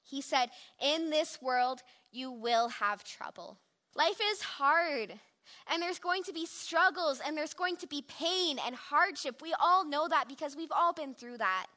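Bright, high-voiced young woman giving testimony. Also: expressive, measured pace. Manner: earnest, reflective storytelling. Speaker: speaker giving a devotional. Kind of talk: personal testimony sermon.

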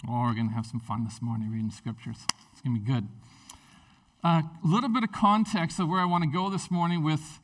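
Male pastor, conversational sermon, lively storyteller, slightly raised pitch, somewhat distant pickup. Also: a little fast. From Canada.

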